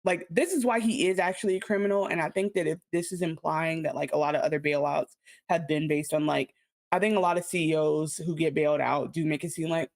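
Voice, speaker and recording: A woman's voice: sits low, fast talker. Rambling woman co-host riffing on a show. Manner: rambling, many restarts, giggly asides. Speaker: podcast co-host. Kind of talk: casual TV recap chat.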